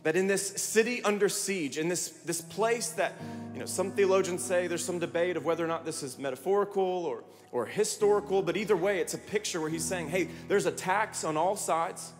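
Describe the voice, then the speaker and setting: A man preaching a sermon as pastor, energetic and rallying his congregation with repeated calls to respond. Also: high voice, a little fast. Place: large church hall. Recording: long hall reverb, music behind.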